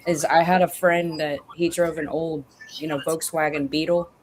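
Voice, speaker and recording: Woman, deep voice, rambling, self-correcting, remote call, faint hiss. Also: flat delivery, normal speed. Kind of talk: casual chat.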